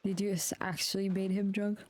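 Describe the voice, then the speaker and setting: A woman's voice: medium pitch, little pitch movement, a little fast, darkish tone. A woman streamer giving casual, chatty gameplay commentary with mumbled asides and swearing.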